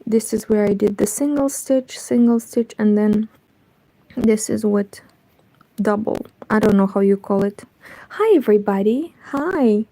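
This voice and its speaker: A woman chatting softly in a hushed half-whisper at home, live-streaming and talking about her crochet. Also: mid-range voice, flat delivery, measured pace, no room sound, rough recording. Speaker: crochet vlogger. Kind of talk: quiet live-stream chat.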